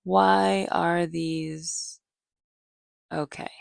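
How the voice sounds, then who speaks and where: A woman's voice: fairly low pitch, level tone, extremely slow, creaky. A middle-aged woman, a comedian, rambling through a casual solo chat with lots of fillers and asides. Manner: meandering, chatty, many fillers and asides. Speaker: comedian and podcast host.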